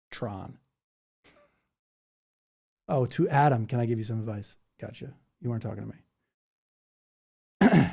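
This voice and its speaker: Reading through chat on his live stream, a man fires back at viewers directly, combative and blunt despite a mellow, dark, mid-range voice. "Dude" and "bro" pepper nearly every line, and now and then he ridicules someone by imitating them in a silly voice.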